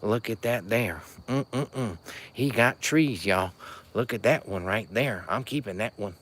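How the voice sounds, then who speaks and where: Low-voiced man touring his nursery. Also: animated, normal speed, a bit bright. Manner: rambling, chatty, folksy. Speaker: rare fruit tree grower and seller. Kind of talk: casual walking tour, talking to viewers. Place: outdoor plant nursery at night.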